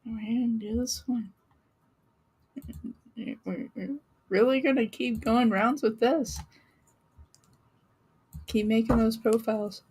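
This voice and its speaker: A woman giving a live-stream tarot reading in a chatty way, laughing often and filling pauses with ums. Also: a little high, steady tone, darkish tone, slight background noise. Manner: chatty, laughing, many fillers. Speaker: tarot reader.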